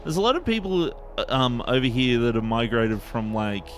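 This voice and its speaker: A man's voice: mid-range voice, sing-song, normal speed, faint music behind. A man with an Eastern Australian accent, chatting casually on a game stream in a rambling, laid-back way and laughing often. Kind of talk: casual live-stream chat.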